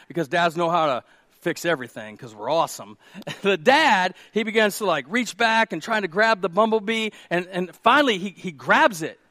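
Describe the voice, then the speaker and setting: High-voiced preaching man. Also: no echo. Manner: swings from loud urgent preaching to hushed prayerful tones. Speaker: pastor. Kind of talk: sermon. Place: church room.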